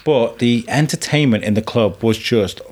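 A man's voice: medium pitch, normal speed, a little mellow, husky. A man hosting a podcast in casual chat, chatty and digressive, full of anecdotes. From England. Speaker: podcast host.

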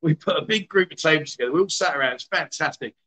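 A man's voice: a little high, fast, pushed and bright, low-quality recording. A man hosting a casual livestream, hungover, greeting viewers by name in a chatty, self-mocking way. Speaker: livestream host.

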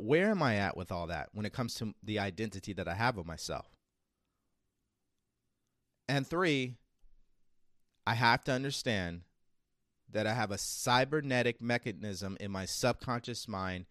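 A man's voice: lowish voice, expressive, moderate pace, long pauses, a bit bright, dry recording, clean studio sound. Emphatic man giving a motivational talk. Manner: emphatic, preachy, rhetorical questions; acts out a nagging inner voice. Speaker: self-improvement podcast host. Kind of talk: motivational monologue.

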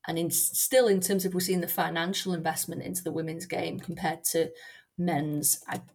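A woman academic speaking as a guest on a podcast interview, thoughtful and measured, with frequent fillers and restarts. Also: fairly low pitch, level tone, creaky, darkish tone, slightly rough.

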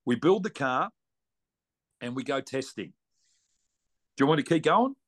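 A man's voice: medium pitch, expressive, moderate pace, fairly bright tone. Blunt Australian man spinning a yarn. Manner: blunt, salty, colloquial. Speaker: racing driver guest. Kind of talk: casual storytelling.

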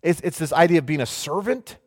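A male pastor preaches with a lively, swooping delivery, his voice a touch higher than most men's. He hammers his points through repetition and frequent "hey"s. The sound trails off in the long reverb of a big hall. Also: brisk. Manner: emphatic preacher, repeats phrases, keeps saying "hey". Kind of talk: sermon.

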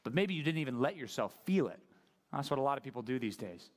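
A man preaching a sermon as pastor, talking conversationally and asking the congregation questions, dropping to a hushed voice at sad moments. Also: medium pitch, very animated, fast.

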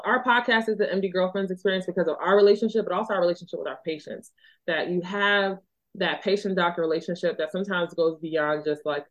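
A woman from Philadelphia, a doctor hosting a podcast, talking in an earnest, chatty way full of "like" and "you know.". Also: lowish voice. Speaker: podcast host and OB-GYN doctor. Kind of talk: casual podcast chat.

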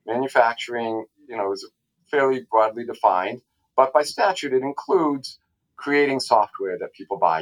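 A man with a fairly low voice talks through a tax case on a podcast. His explanation is casual and halting, full of restarts and little asides as he works toward his point. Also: poor audio. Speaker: tax attorney guest.

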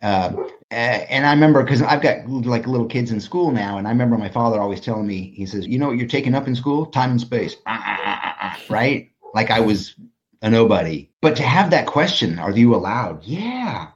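A man's voice: lowish voice, expressive, a little fast. A middle-aged man, hosting a podcast in casual conversation, telling stories animatedly and swearing freely. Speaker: podcast host and designer. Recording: muffled lo-fi audio.

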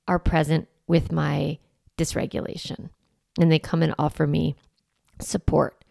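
A woman in her forties, a parenting coach hosting a solo podcast, talking in a conversational, lively way with playful asides. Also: fairly low pitch, gravelly, dry recording, clean studio sound. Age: 40s.

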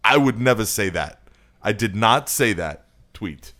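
Man doing an impression of a whiny, self-important senator: very low, deadly earnest. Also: animated, measured pace, pushed and bright, full character voice. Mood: indignant. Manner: earnest mock-serious delivery. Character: pompous, self-pitying older male senator. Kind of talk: comedic impression.

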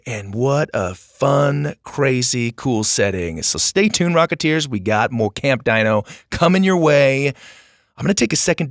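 A man's voice: on the high side, creaky, dry recording, studio quality. A man hosting a podcast, chatting casually with listeners in an upbeat, gushing way as he thanks them. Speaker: podcast host. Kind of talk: casual outro chat with listeners.

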